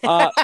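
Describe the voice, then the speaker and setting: A man hosting a casual sports podcast, talking in excitable, profane banter. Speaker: podcast host.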